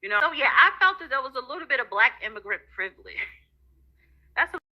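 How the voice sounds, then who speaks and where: A woman's voice: sits high, very animated, very fast. A woman giving casual opinions online in a dismissive manner. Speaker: online commentator. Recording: dull lo-fi clip audio.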